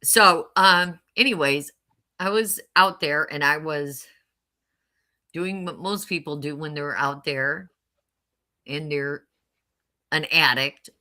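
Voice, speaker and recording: Bright-voiced woman telling her story. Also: deep voice, takes it slowly, pauses often. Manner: candid and wry, laughs often. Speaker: mother telling her testimony. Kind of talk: casual storytelling.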